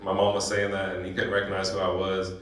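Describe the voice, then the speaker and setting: A man's voice: deep voice, completely flat delivery, a bit bright, distant mic. Man speaking in an echoey hall. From San Diego, California. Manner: emotional, halting storytelling with restarts. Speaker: guest speaker. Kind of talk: personal speech at a banquet. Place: banquet hall.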